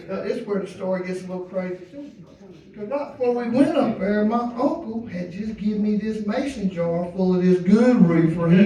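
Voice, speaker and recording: Man, stand-up storytelling, high voice, very echoey club, far from mic. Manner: animated, colloquial, laughs while telling. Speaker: first-time comedian. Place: comedy club stage.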